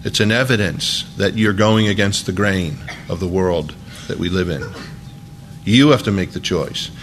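A man's voice: sits low, moderate pace, a little hiss or hum. A man preaching a sermon as a pastor, in a conversational, folksy way with emphatic asides.

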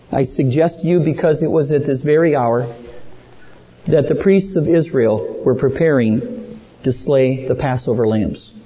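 A man preaching a sermon slowly and dramatically, rising to emphatic peaks and dropping low at the ends of phrases. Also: mellow. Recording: dull lo-fi sound with long hall reverb.

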